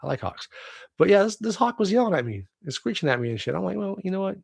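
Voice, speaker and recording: A husky, gravelly man in his forties, from the United States, hosts a casual livestream from home. He rambles, swears and laughs as he chats, pitched at an ordinary middle height, and the webcam catches him dry and close. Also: sing-song, fast talker, no echo. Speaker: livestream host.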